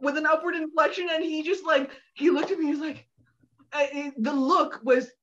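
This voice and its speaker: A woman guest telling a funny story in casual chat, animated and laughing often. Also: high voice, normal speed. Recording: dull lo-fi audio.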